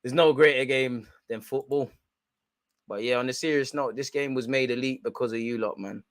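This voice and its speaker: A young man, loudly and gleefully ranting with street slang during a live football watch-along. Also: medium pitch, steady tone, normal speed, no echo, studio quality.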